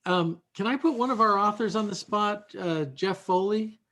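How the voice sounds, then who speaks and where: A man hosting a video podcast roundtable over a video call, asking questions in a halting way with many fillers. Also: high voice, pushed and bright. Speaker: podcast host.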